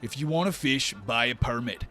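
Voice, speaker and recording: A man's voice: medium pitch, moderate pace, pushed and bright, voice pushed up, close to an everyday voice. A man voicing a huge, stern male minotaur city guard who barks curt, disapproving orders in a tabletop game.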